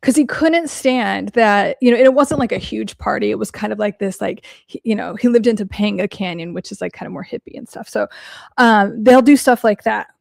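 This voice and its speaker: A woman podcast host and mental health coach answers questions solo at a brisk clip, her medium-pitched voice creaky. Her style is casual, blunt, and animated storytelling, with free swearing and plenty of fillers. The clean studio sound has no echo.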